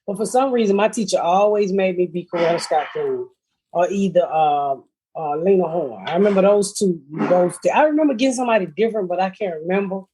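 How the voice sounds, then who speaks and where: A woman's voice: fairly low pitch, brisk, warm tone, a little hiss or hum. A middle-aged woman hosting a podcast, telling stories in a blunt, profane, comedic way and laughing through them. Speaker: podcast host. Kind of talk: casual comedic storytelling.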